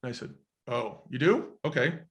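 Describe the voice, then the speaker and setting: A middle-aged man, a former restaurant chain executive, shares a personal story as a guest on a podcast. His medium-pitched voice is animated and a bit bright, moving at a moderate pace. He speaks earnestly and reflectively, taking on the voices of the people he quotes.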